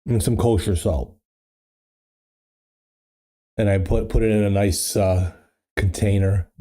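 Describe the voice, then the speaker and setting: A man's voice: on the low side, steady tone, slow pace, pauses often, dark tone. A man hosting a casual livestream chat, rambling with many fillers and restarts into a studio microphone. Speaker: livestream host.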